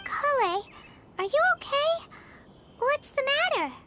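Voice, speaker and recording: A woman's voice: sing-song, a little slow, heavily acted. A woman voicing a tiny, chatty female companion creature in a video game, who talks about herself in the third person. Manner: speaks of herself in third person, squeaky and indignant. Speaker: game character. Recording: game cutscene with music behind.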